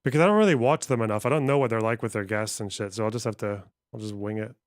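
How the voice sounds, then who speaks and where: A man's voice: on the low side, quick pace, no echo, clean studio sound. A man chatting casually on a live stream, rambling and swearing as he reacts to chat.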